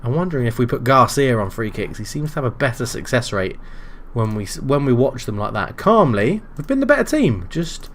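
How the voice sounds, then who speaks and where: A man casually talking through a football management game, chatty and self-deprecating, rising with excitement as chances come. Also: medium pitch, fairly quick, a little hiss or hum. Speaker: video game streamer.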